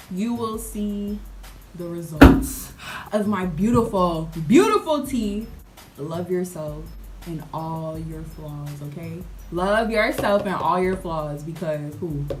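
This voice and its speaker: A young woman, chatting to camera in a casual, playful way and calling her viewers y'all. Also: lowish voice. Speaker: vlogger reviewing a product.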